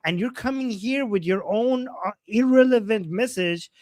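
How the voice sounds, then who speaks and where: A man's voice: high voice, normal speed, darkish tone, dry recording. A man co-hosting a live stream, reacting with indignant disbelief. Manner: indignant, incredulous. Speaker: co-host. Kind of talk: casual live-stream commentary.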